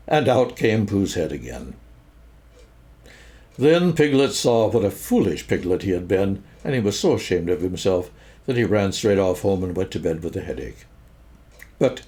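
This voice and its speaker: An older man reading a children's book aloud as a storyteller, in an expressive, sing-song storytelling manner. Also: on the low side, moderate pace.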